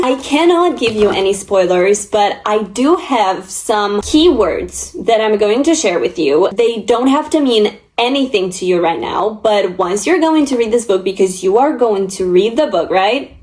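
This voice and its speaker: A woman's voice: fairly high pitch, darkish tone. A young woman vlogging about books, talking in a chatty, gushing and emotional way. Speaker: book vlogger. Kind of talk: casual chat.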